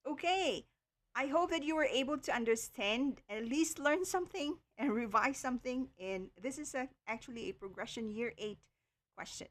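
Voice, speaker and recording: Her voice is high-pitched with lively intonation as she tutors online in a livestream lesson. She takes a slow, careful approach, peppering her explanations with okays and filler sounds.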